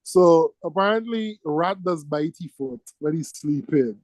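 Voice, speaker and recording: High-voiced doctor teaching. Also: male voice, animated, measured pace, darkish tone, no echo, low-quality recording. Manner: emphatic, repeats key words, checks in with "right?". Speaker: medical lecturer. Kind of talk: exam-prep lecture to students.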